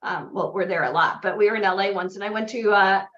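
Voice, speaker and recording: A fast-talking woman with a medium-pitched, fairly bright voice coaches aspiring actors and models during a live motivational seminar. Chatty and story-driven, she regularly checks in with "right?". The sound is echoey and a bit dull, as in a room recording.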